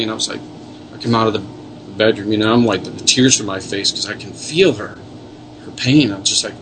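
In a casual interview, a male paranormal investigator tells earnest, meandering stories, often restarting his sentences. His voice is fairly low and fairly quick, with background noise in the recording.

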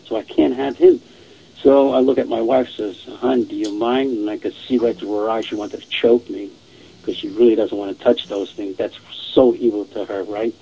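A man's voice: lowish voice, lively intonation, moderate pace, gravelly, warm tone, a little hiss or hum, rough recording. A man casually telling a long ghost story, rambling and repeating "I says" and "she goes".

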